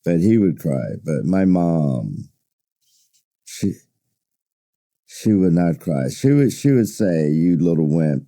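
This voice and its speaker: A man's voice: low-pitched, big pitch swings, slow pace, gravelly, long pauses, dark tone. A man co-hosting a podcast, talking in a supportive, reflective way and offering his opinions. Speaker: podcast co-host. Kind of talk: casual podcast chat.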